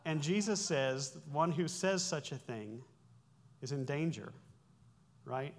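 Somewhat high and expressive, this man's voice moves at a slow pace over a faint hiss or hum. He's a pastor in his forties giving a sermon, explaining Greek words conversationally with self-corrections and wry asides.

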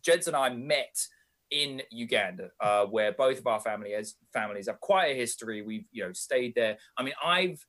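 A young man, co-hosting a casual podcast chat with a friend in an animated, chatty way. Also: mid-range voice, moderate pace. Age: young adult. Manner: animated, chatty British slang. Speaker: podcast co-host.

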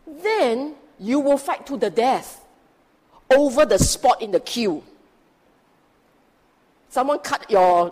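Slow, expressive woman giving a dharma talk. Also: mid-range voice. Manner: emphatic, rhetorical questions to listeners. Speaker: Buddhist teacher. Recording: long hall reverb.

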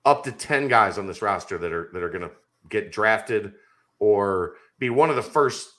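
Bright-voiced man arguing sports. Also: lowish voice, lively intonation, normal speed. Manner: emphatic, insistent, rambling storyteller. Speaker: sports podcast co-host. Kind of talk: casual sports debate.

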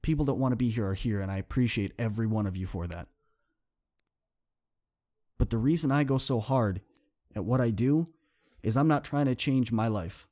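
A man's voice: mid-range voice, moderate pace, pauses often, warm tone. Earnest man giving a motivational podcast talk. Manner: earnest, building to impassioned repetition. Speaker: podcast host.

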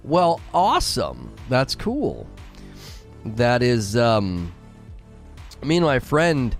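A man streaming a game and chatting casually with his viewers, giggly and rambling, laughing often at his own jokes. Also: medium pitch. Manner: rambling, with many fillers and restarts. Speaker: game streamer talking to chat. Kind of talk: casual live-stream chat.

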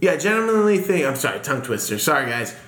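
Man, casual podcast chat, halting with fillers, higher voice, echoey room. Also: big pitch swings, a bit bright. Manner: halting, full of fillers and restarts.

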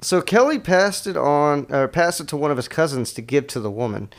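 A man co-hosting a podcast in casual chat, reading history notes aloud with halting fillers and restarts. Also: fairly high pitch, animated. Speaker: podcast co-host.

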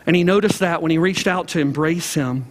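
High-voiced pastor telling a story. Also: male voice, big-room sound. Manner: conversational, frequent "like" fillers, slows and softens toward the end. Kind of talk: storytelling sermon.

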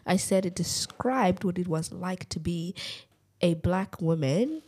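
A woman's voice: lowish voice, a little slow, husky. A young adult woman co-hosting a casual podcast, telling a story with lots of laughter and acted-out quotes. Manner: animated storyteller, acts out quotes, laughs often. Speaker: podcast co-host.

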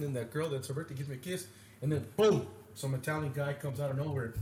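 A man co-hosting a podcast, telling stories in a rambling, profane and animated way. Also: fairly high pitch, brisk. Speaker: podcast co-host. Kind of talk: casual storytelling chat. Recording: echoey room with faint noise.

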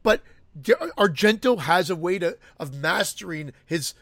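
A man co-hosting a casual podcast about films, animated and laughing as he acts out scenes. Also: sits high, measured pace, no room sound, studio quality. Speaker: podcast co-host. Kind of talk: casual film discussion.

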